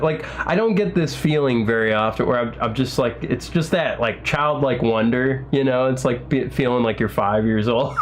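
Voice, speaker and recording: A man's voice: mid-range voice, a little hiss or hum. A man chatting casually on a livestream, rambling with lots of fillers and restarts and gushing with enthusiasm. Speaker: livestream host.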